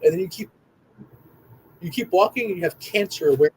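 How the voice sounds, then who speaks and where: A young man telling stories in a rambling, excitable monologue, repeating himself and swearing often. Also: sits high, moderate pace, husky, poor audio. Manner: excitable, profane, repetitive storytelling. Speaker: vlogger.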